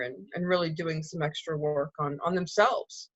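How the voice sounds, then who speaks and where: A woman's voice: low voice, fairly even intonation, moderate pace, dry recording, highs cut off. A woman co-hosting a casual spiritual chat, reassuring and thoughtful as she explains. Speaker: spiritual co-host.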